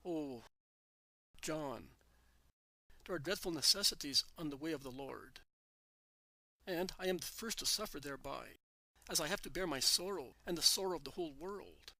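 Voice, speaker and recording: A man reading aloud, voicing a grieved gentle teacher consoling his weeping friend tenderly. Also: a little high, animated, moderate pace, long pauses, no room sound, exaggerated voice, low-quality recording. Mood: tender grief.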